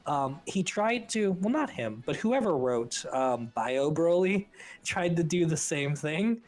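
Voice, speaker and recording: A man co-hosting a podcast in casual chat, blunt and opinionated, with quick asides. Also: fairly high pitch, big pitch swings. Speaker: podcast co-host.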